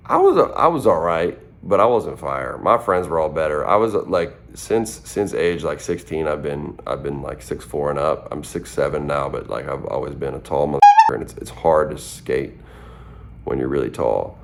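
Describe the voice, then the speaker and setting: Very deep gravelly laid-back man. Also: animated, normal speed, a little hiss or hum. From southern Minnesota. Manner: laid-back, drawling and playful. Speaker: rapper answering fan questions. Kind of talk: casual chat.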